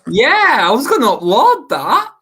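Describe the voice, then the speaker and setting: Slow, rambling male show host. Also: very high-pitched, huge pitch swings, sharp tone, slightly rough. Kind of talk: casual livestream chat.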